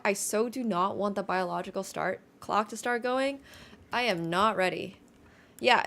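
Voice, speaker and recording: A woman's voice: a little high, a bit bright. Chatty young Californian woman streamer. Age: 20s. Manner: chatty, wry, self-deprecating. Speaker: chess streamer. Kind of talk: casual livestream chat.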